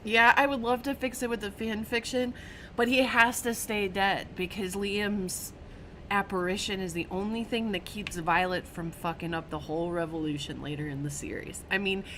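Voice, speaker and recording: A woman's voice: mid-range voice, normal speed, a little hiss or hum. A woman hosting a casual stream podcast, telling stories animatedly, laughing and acting out quotes. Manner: animated, laughing storyteller who acts out quotes. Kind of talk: casual chat.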